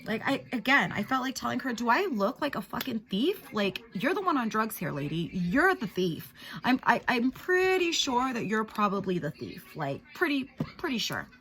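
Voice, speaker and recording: A woman's voice: on the high side, sing-song, moderate pace, a bit bright. A woman in her thirties vlogging at home, venting in a rambling, upset way with lots of "like" and "you guys" fillers. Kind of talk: casual chat to camera.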